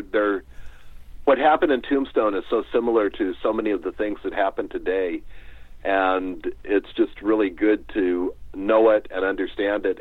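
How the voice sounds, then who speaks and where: A man's voice: fairly low pitch, dry recording. A man, an author, telling stories in a radio interview, enthusiastic and rambling, repeating words as he searches for them. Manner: enthusiastic, digressive, repeats words while thinking. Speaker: author guest. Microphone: telephone. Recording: tinny phone line.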